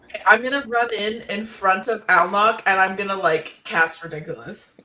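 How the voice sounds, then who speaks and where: A woman's voice: medium pitch, moderate pace, pushed and bright. A woman playing in a tabletop game, eager and chatty. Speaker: player. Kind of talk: casual tabletop play.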